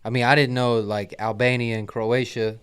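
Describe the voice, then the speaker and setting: A man's voice: medium pitch, little pitch movement, moderate pace, fairly bright tone, clean tone. A man co-hosting a casual podcast, talking in loose, slangy banter. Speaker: podcast host. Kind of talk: casual chat.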